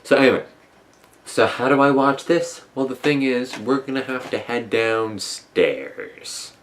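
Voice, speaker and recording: A classic TV reviewer sits indoors at home, casually chatting as he reviews an old TV story in a mid-range, somewhat bright voice at a measured pace. He rambles, restarts often, and swaps swear words for mild substitutes, with slight background noise present.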